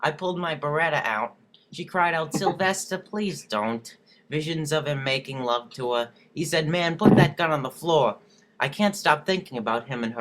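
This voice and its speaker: A man reads song lyrics aloud as a comic performance, acting out each character and laughing often. His voice sits a little high for a man, over a faint layer of background noise. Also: a bit bright. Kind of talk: comic reading of a song's lyrics.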